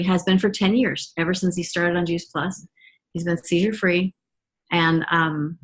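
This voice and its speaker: A middle-aged woman gives a personal testimony as a mother, talking in a chatty, earnest way with frequent ums and restarts. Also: on the low side. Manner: earnest and enthusiastic.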